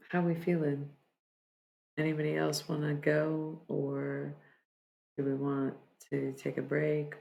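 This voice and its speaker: A woman's voice: low voice, gravelly, warm tone, low-quality recording. A woman streamer who reads tarot, chatting casually and directly with her live-stream chat at a desk microphone. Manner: laid-back, chatty, addresses chat directly.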